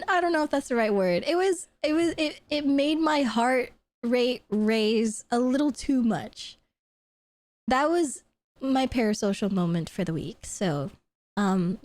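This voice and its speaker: A young woman streamer chatting casually on a live stream, gushing and excitable, laughing often and swearing freely. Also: high voice, no echo.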